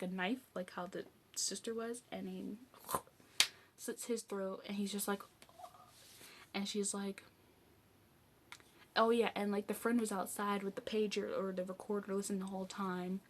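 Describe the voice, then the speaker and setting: A woman's voice: medium pitch, little pitch movement, normal speed, long pauses, slight background noise. A young woman reviewing a movie on her channel, retelling the plot in a loose, rambling way full of "like" and "um". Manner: rambling, chatty, heavy use of "like" and "um". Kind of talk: casual spoken movie recap.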